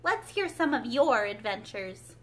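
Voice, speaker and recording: A woman voicing the Gryphon in a storybook read-aloud, brisk, solemn and impatient. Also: a little high, big pitch swings, a bit bright.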